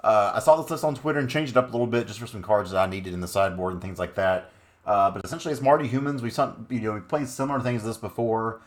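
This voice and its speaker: Low-voiced man talking through a card deck. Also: fast talker. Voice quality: laid-back, chatty with frequent fillers. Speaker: channel host, card game player. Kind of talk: casual deck tech and gameplay commentary.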